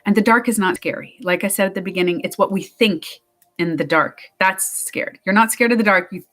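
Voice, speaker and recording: A woman's voice: mid-range voice, a little fast, a bit bright, soft background music. A woman life coach explaining a topic in loose, chatty talk, acting out the voices of people she quotes. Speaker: life coach and meditation guide. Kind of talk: casual spoken explanation.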